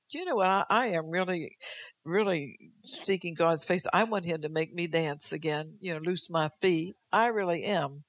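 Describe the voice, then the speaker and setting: This older woman's voice runs on the low side, and she keeps a moderate pace with no echo in the recording. Preaching at church, she rouses the congregation with first-person prophetic words and teasing, folksy remarks.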